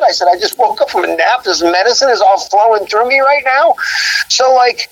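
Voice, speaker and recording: A man guest in a casual interview, telling road stories in an animated way, acting out quotes and laughing often. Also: sits high, fast talker, creaky, no room sound, rough recording.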